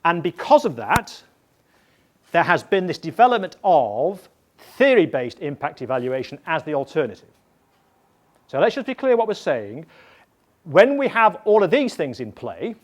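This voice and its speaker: Man lecturing, tag questions. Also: fairly high pitch. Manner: deliberate, repeats points and checks with "yeah?". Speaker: evaluation trainer. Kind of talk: lecture-style teaching.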